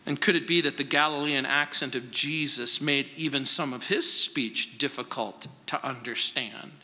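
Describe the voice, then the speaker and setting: A man preaching a verse-by-verse sermon as pastor in a large church, speaking deliberately with dramatic pauses and emphatic repetition. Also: medium pitch, pushed and bright. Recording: long reverb from a large hall.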